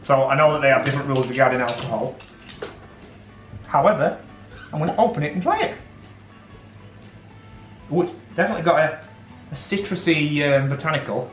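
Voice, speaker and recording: A slightly high male voice, dry and joking as he chats through a parcel for a vlog. The room rings with echo and soft music plays underneath. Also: brisk, pauses often. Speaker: vlogger, co-host. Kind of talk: casual chat. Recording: echoey room with faint music.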